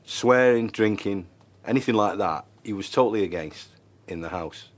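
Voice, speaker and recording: Deep-voiced man, calm and reminiscing. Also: normal speed. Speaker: family member interviewed. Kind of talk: interview talk.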